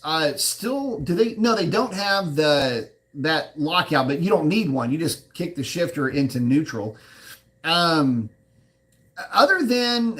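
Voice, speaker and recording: A man's voice: on the high side, a bit bright. A man hosting a live chat, answering viewer questions in a rambling, frank way with many fillers and restarts.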